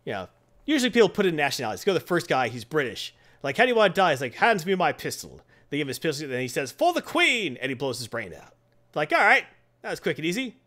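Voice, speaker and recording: A man casually reviewing a comic series, rambling and animated, acting out voices while telling a joke. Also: on the high side, quick pace.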